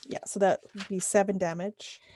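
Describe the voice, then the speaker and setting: A woman's voice: medium pitch, fairly even intonation, moderate pace, warm tone. A woman running a tabletop game as game master, patiently working through the rules and damage numbers. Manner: patient, checks numbers step by step.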